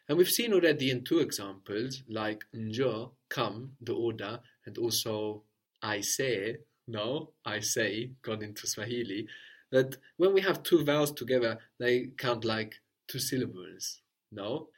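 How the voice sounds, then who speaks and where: A man's voice: mid-range voice, lively intonation, a little slow, a bit bright, slightly rough. Patient man teaching a language. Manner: patient, repeats and praises answers. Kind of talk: guided language lesson.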